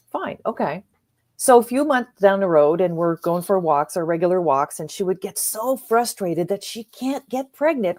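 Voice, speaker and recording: Middle-aged woman coach on a podcast, kinda low voice, earnest, acts out the back and forth when she tells stories. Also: moderate pace. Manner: earnest, animated retelling with quoted dialogue. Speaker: transformational coach, guest. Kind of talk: conversational storytelling.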